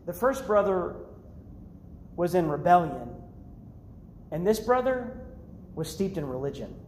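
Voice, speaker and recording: Animated high-voiced man preaching in echoey hall. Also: a little slow, a little hiss or hum. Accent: American. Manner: animated, acts out the characters' lines, casual slang. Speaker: youth pastor. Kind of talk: sermon. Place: church hall.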